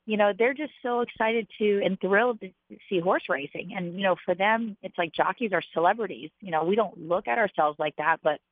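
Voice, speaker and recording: A woman's voice: mid-range voice, brisk, no room sound. Chatty woman on a tinny line. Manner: chatty, animated, with many fillers. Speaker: jockey, interview guest. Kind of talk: casual interview storytelling. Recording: dry, tinny phone-like line.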